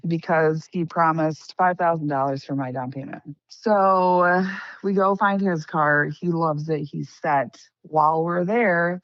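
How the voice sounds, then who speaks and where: A young woman recounts a personal story in a casual, lively way, playing out quoted lines herself. Her voice sits low with a gravelly fry, recorded close and dry on a slightly dull, lo-fi track. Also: dry recording. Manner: lively, acts out quoted dialogue. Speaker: interviewee recounting being scammed.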